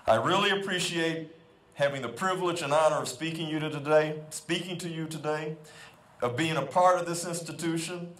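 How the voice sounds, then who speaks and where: A man's voice: a little high, fairly bright tone. A man in his fifties giving a ceremonial keynote speech to students, exhorting and telling stories with emphatic repetition. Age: 50s. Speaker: keynote speaker. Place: school convocation hall. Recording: echoey hall.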